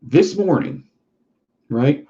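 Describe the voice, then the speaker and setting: A man's voice: a little high, animated, drawn-out words, mellow. A man hosting a casual livestream chat who rambles and swears freely. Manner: profane, rambling. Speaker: livestream host. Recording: dull lo-fi sound.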